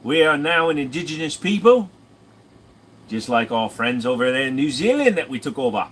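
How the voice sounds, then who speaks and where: A man putting on an Australian accent to play a brash, crude bloke who makes deadpan absurd claims. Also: medium pitch, normal speed, pitched above the performer's own voice. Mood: folksy. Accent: put-on Australian.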